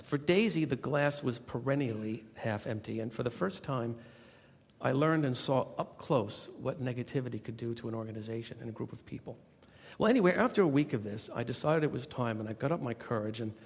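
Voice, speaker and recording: A man, a motivational speaker, telling a workplace anecdote in lively storytelling narration. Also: medium pitch, fairly quick, gravelly, slightly rough. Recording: reverberant recording.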